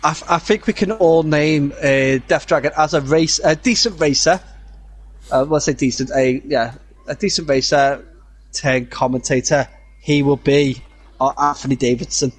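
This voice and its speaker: Host, male, slightly higher voice, relaxed halting race-league commentary. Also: breathy edge. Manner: chatty, halting, full of fillers. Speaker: co-commentator of a sim racing league. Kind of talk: casual live race commentary.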